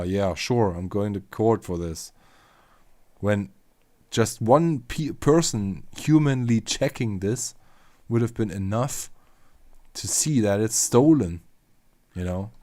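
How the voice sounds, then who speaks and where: Low-voiced man with a German accent. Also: a little mellow, no room sound. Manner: loose and rambling, swears casually. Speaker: machinima creator streaming. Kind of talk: casual livestream chat.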